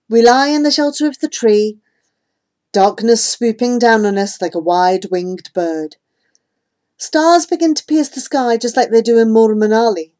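A woman giving gentle, measured first-person narration of a storybook. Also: medium pitch. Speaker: audiobook narrator.

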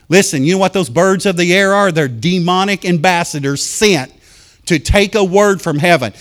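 A man delivers a fervent sermon in a church, his voice sitting high for a man. He tells his stories with force and then drops to a hush, speaking straight to the congregation. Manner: fervent preaching, storytelling, swings from loud to hushed; addresses congregation directly. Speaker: pastor.

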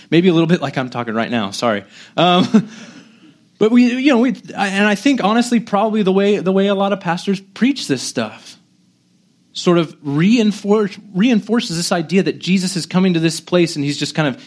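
A man preaching a sermon in a conversational, animated way, poking fun at himself and often restarting sentences. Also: high voice. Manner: conversational, animated, self-deprecating, with frequent restarts. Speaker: pastor.

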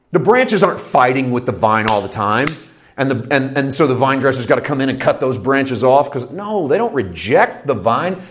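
A middle-aged man preaching a sermon as a pastor, talking through the passage in an easy, teaching way and now and then rising into fervent preaching. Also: medium pitch. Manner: conversational teaching with sudden lifts into preacher fervor.

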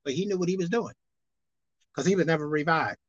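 A woman pastor preaching a sermon, swinging from soft, quiet asides to shouted emphasis. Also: sits low, a little fast, husky, dry recording. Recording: dull dry sound.

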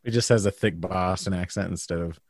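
A man's voice: low voice, fairly quick, no room sound, studio quality. A man in casual podcast banter, joking and trailing off mid-question. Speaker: podcast co-host. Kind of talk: casual chat.

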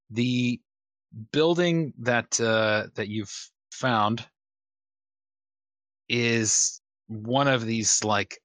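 Slow, low-voiced game master. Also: male voice, fairly bright tone, dry recording. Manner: unhurried, hesitant, casual swearing. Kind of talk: narrating a tabletop game.

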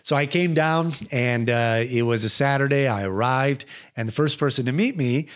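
A young man hosting a podcast, telling a personal story casually, with laughs and lively retold quotes. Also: medium pitch, normal speed, clean tone. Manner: animated retelling with laughs and acted-out quotes. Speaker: podcast host.

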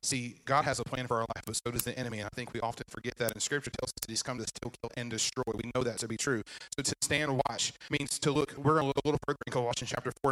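A man, preaching a sermon at a brisk pace. He is animated, asking the congregation questions and throwing in playful asides. His voice sits at a middle pitch for a man. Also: rough recording. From Virginia. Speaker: pastor.

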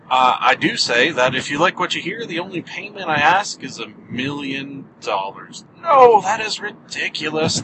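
A man's voice: fairly high pitch, pushed and bright, poor audio. Wry joking man talking in a car. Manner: wry, joking, self-mocking. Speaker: podcast host. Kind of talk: casual solo podcast monologue. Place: in a car while driving. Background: car engine and road hum.

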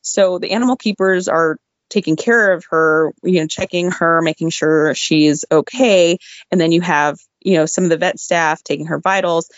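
A woman's voice: on the low side, normal speed, no echo, highs cut off. A woman telling a work story in a casual, chatty way, full of fillers and asides. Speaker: former zoo worker recounting a story.

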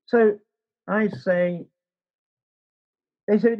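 Man, author, high husky voice, rambling anecdote, dull lo-fi recording. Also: expressive, normal speed. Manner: rambling, acts out quoted dialogue. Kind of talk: anecdotal storytelling.

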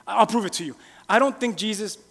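High, bright-voiced animated male preacher. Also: fast talker. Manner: animated, casual, full of rhetorical questions. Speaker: pastor. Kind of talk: sermon. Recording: long reverb in a large hall.

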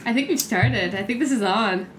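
A guest performer in a casual chat, quick and teasing. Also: medium pitch, slight background noise.

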